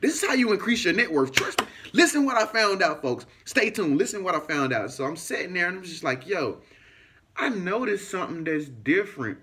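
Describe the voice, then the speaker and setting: A somewhat high-voiced man tells a rambling story straight to his viewers. He talks in a loose, casual way, full of fillers, and keeps jumping into other people's voices as he acts the story out. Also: fairly quick. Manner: animated, acts out voices in anecdotes, frequent fillers. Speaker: YouTuber.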